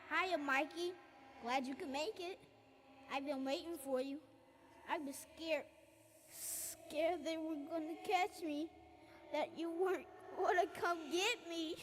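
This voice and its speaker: A woman voicing the ghost of a young boy in a game, soft and creepy. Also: extremely high pitch, takes it slowly, big-room sound, slight background noise.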